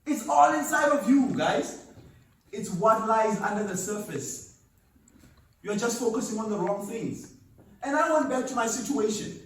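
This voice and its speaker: At a seminar venue, a motivational speaker with a high, animated voice tells emphatic stories at a measured pace, laughing at himself now and then. The sound is a bit bright and was captured at a distance in an echoey hall.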